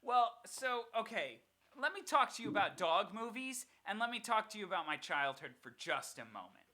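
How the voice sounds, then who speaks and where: A young adult podcast co-host chatting casually and telling animated stories. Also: mid-range voice, moderate pace. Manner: animated storyteller. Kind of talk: casual chat.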